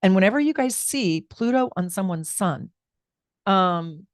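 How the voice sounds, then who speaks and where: A woman's voice: mid-range voice, expressive, unhurried, no echo, clean studio sound. A woman astrologer giving casual live-stream chart readings, chatty and rambling, talking straight to her viewers from home.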